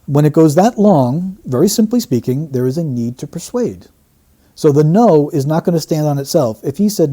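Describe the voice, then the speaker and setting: Analytical man with a mellow voice. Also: on the high side, lively intonation, moderate pace. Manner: explanatory, breaks down quotes phrase by phrase. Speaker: statement analyst. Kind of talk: analytical commentary.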